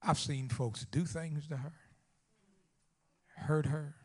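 Man preaching with loud, hushed swings. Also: fairly high pitch, fairly even intonation, slow pace, slightly rough. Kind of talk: sermon.

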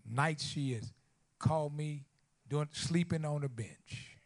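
This sermon comes from a man with a higher-pitched voice who speaks slowly. He builds to loud, fervent passages, drops into hushed, almost whispered stories, and repeats phrases for emphasis.

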